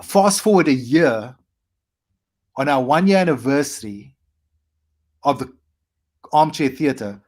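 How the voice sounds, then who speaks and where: A South African man in his forties, a comedian guest, telling animated stories with quick asides. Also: medium pitch. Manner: animated anecdotes with quick asides and playful acted quotes. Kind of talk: storytelling interview.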